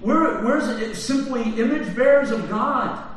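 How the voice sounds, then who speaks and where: A man preaches a sermon, firing questions at his listeners and dropping to hushed lows before rising to shouts. His voice sits fairly high for a man. It is picked up from far away in a very echoey hall. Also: lively intonation, slow pace. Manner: asks the congregation questions, swings from hushed to shouting. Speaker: pastor.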